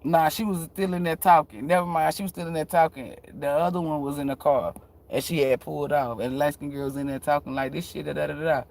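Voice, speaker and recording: Man, fairly high pitch, casual storytelling to viewers, blunt, profane, frank. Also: steady tone, fast, gravelly, a little mellow. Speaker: tarot reader vlogger.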